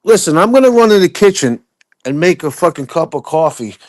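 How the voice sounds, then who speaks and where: A man's voice: fairly high pitch, expressive, a little fast. A man talking casually as a stream guest, blunt and swearing freely. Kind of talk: casual profane chat.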